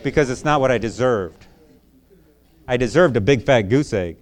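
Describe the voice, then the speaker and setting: A man delivering a sermon in an easy, folksy storytelling voice, circling back on his words as he goes. He then leans into emphatic, earnest preaching. His pitch sits in an ordinary middle range. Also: expressive, normal speed.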